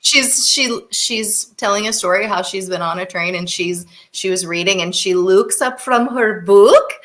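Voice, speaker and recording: A woman's voice: medium pitch, unhurried, a bit bright, a little hiss or hum. A woman who acts in stage plays, chatting casually and laughing often. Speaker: actor guest. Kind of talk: casual chat.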